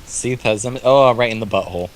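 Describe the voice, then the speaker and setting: A man's voice: lowish voice, brisk. A man chatting casually beside a friend's gameplay, telling rambling stories and cracking jokes. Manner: joking, rambling storyteller. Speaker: co-commentator. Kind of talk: casual chat over gameplay.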